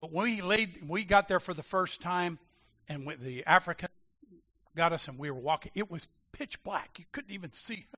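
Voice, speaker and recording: A man preaching a sermon, emphatic and animated, swinging from loud declarations to quiet asides. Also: high voice, normal speed. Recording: dull lo-fi sound.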